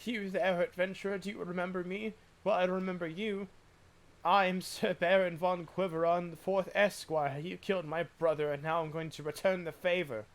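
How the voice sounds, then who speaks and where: A man voicing a self-important noble villain who announces his title slowly and vows revenge, reading game dialogue aloud. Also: high-pitched, steady tone, voice pushed up. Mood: pompous.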